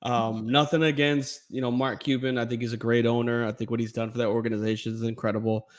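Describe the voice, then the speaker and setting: A man in easygoing sports-podcast talk, lively and quick to laugh, sometimes slipping into playful mock voices. His voice sits at a middle pitch. He sounds like a regular co-host trading takes with a friend. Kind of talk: casual sports chat.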